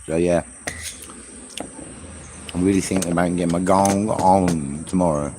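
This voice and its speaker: A man's voice: low-pitched, fairly even intonation, a little slow. A man chatting casually on a travel livestream, rambling and talking while he eats breakfast. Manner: rambling, chatty, talks with mouth full while eating. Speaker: travel vlogger. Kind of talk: casual live-stream chat. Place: on the road in Southeast Asia. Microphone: camera set in front of him. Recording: noisy ambience with insects and traffic.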